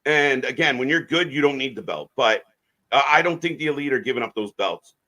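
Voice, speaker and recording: A man's voice: mid-range voice, lively intonation, fairly quick, bright, forceful tone. A man co-hosting a live wrestling watch-along stream, giving opinionated, rambling takes with frequent restarts.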